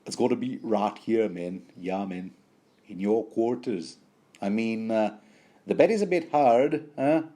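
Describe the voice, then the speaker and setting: A man's voice: mid-range voice, lively intonation, unhurried, mellow. A man doing a teasing, mock-grand schemer.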